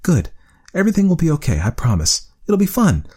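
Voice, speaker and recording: A man's voice: a little high, huge pitch swings, brisk, breathy edge, voice pushed up, heavily acted. A man putting on a sweet-talking woman doctor. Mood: soothing. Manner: soft, coaxing and friendly. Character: calm, sweet-talking female research doctor.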